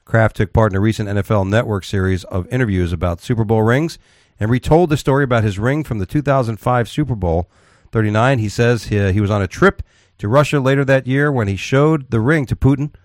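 A man with a low voice co-hosts a radio talk show, reading out offbeat news and bantering with his partners. He rambles, restarts his sentences and talks tough. His voice is dry and close to the mic. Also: fairly quick, darkish tone, no room sound.

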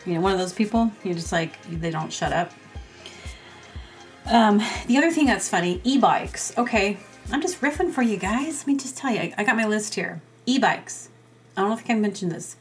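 A woman riffs alone on her podcast with a loose, rambling delivery. She laughs often and acts out quotes. Her voice sits in a mid-range pitch, and faint music runs under her. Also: expressive, normal speed. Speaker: podcast host. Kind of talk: casual solo monologue.

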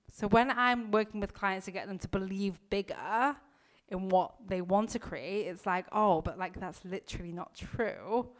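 A woman mindset coach in casual motivational talk, chatty and filled with "like", emphatic and direct with the listener, swearing now and then. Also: medium pitch. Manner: chatty, heavy use of "like", occasional swearing.

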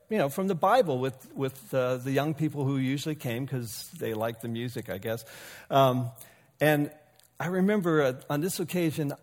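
A man in his fifties or older preaching a sermon, telling a personal story in a relaxed, conversational way with self-deprecating asides. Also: mid-range voice. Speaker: pastor. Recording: long hall reverb.

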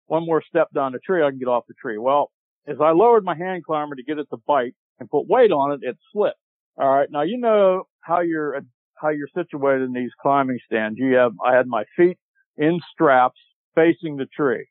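A man telling a long hunting story as a podcast guest, animated and laughing as he goes. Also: fairly high pitch, moderate pace, no room sound. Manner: animated, laughs while telling, acts out shouted quotes. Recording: tinny dry phone-line audio.

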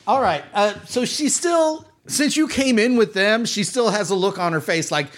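A man's voice: high-pitched, moderate pace, hardly any pauses, fairly bright tone. A man running a tabletop game as game master, describing scenes and joking with the players.

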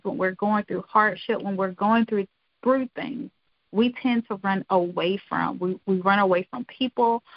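A woman's voice: mid-range voice, dry recording, dull audio. A middle-aged woman giving an earnest, encouraging devotional talk, repeating phrases for emphasis. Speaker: devotional speaker.

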